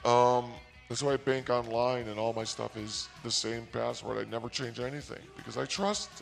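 A man hosting his own channel, telling a comic story in a rambling, self-mocking, deliberately naive way. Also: mid-range voice, steady tone, creaky, soft background music. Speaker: comedic storyteller and channel host.

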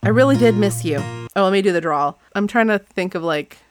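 A woman's voice: medium pitch, animated, fairly quick, soft background music. A young woman co-hosting a casual book podcast, laughing often and reading passages aloud. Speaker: podcast co-host.

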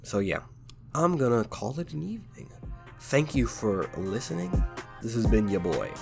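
A man's voice: lowish voice, sing-song, normal speed, creaky, a little mellow, soft background music. Congested man talking shop casually. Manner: laid-back, slangy, fond of "like" and "man". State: congested, stuffy nose. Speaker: podcast host and novelist. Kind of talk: casual chat about writing craft.

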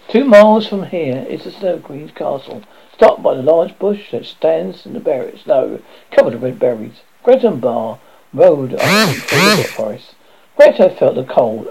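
A man's voice: fairly high pitch, sing-song, measured pace, creaky, husky. A man reading a children's story aloud, stumbling and correcting himself often. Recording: dull lo-fi recording.

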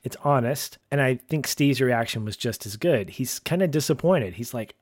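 In casual podcast banter, a male co-host walks through a TV episode and animatedly acts out lines from the characters. He has a mid-range voice at a moderate pace with few pauses, and the studio-quality audio has no echo.

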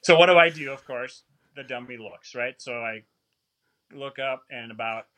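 Male guest storyteller, middle pitch, bright tone, animated and self-deprecating. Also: moderate pace. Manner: animated, rambling, self-mocking. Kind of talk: casual storytelling.

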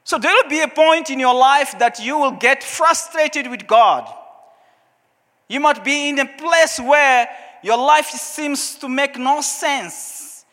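A man whose first language is Portuguese, speaking English with a Portuguese accent, preaching a sermon and telling his story in an animated way. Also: very high-pitched, slow pace. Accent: Portuguese-speaking African. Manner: storytelling, animated, acts out his own past questions. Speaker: pastor. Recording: long hall reverb.

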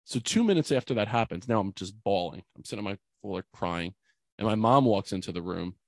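Man, forties, podcast guest; earnest, emotional storyteller, low voice, dry close mic. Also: animated, a little fast, a little mellow, no echo. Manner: earnest, emotional, many fillers like "like". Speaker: podcast guest, youth mentor. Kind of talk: personal storytelling in an interview.

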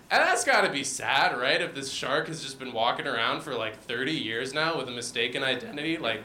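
A young man performing a stand-up comedy set with a deadpan, self-deprecating delivery. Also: fairly high pitch, brisk. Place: comedy venue with audience. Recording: roomy venue sound.

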